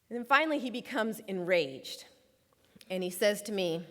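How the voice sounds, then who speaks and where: A woman's voice: mid-range voice, animated, normal speed, a bit bright. A woman giving a prepared talk, telling a personal story and acting out the voices of the people in it. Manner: storytelling, acts out quoted voices. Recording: long reverb of a large hall.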